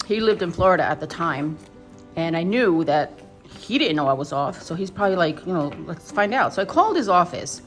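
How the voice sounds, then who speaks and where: A woman's voice: lowish voice, animated, a little fast, faint music behind. A New woman in her fifties tells a personal story on her doll vlog in a rambling, emotional way, full of restarts. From New York. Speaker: doll vlogger.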